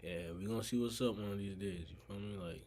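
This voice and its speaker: A man's voice: on the low side, fast talker, a little mellow. A man recording a casual reaction video, talking in a laid-back, slangy way and swearing freely.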